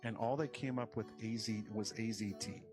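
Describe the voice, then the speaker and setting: A man's voice: fairly low pitch, fairly even intonation, normal speed, music in the background. A man ranting on a podcast, swearing and scattering "you know" through his talk. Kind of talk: podcast rant.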